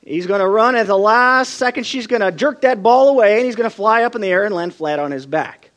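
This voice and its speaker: A man preaching a sermon with a high, lively voice that swoops up and down. He tells his stories with feeling and acts out the voices of the people in them. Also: a little fast. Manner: expressive storytelling, acts out quoted voices.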